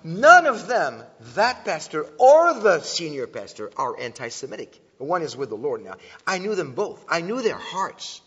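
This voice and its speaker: A man with a somewhat raised pitch delivers an earnest talk to an audience, stumbling over restarts and filler sounds as he goes. The sound is dull and lo-fi, and a long reverb trails each phrase. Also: very animated, normal speed, hardly any pauses, bright, forceful tone, slightly rough. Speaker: speaker teaching about antisemitism.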